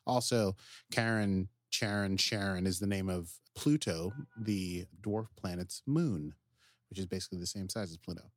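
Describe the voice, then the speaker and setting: A man co-hosting a podcast, recapping episodes in casual, animated chat. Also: low-pitched, normal speed. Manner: animated, jumps into quoted character voices. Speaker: podcast co-host.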